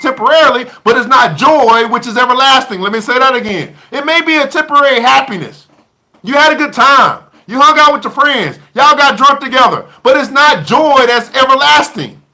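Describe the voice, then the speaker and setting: High, bright-voiced male host. Preachy book club talk, folksy slang, repeats lines for emphasis. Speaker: live stream host reading a book aloud. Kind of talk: live stream book club talk with commentary.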